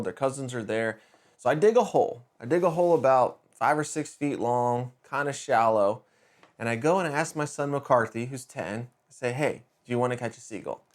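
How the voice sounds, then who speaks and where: Middle-aged man telling a casual story. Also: mid-range voice. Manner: conversational, with quick restarts and lively emphasis. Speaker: podcast host.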